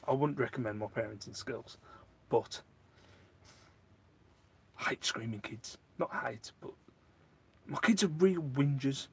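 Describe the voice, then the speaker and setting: A man's voice: mid-range voice, unhurried, gravelly, long pauses, husky. A man, hosting a casual live stream, rambling and answering viewer chat, getting worked up at times. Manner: rambling, animated, gets worked up.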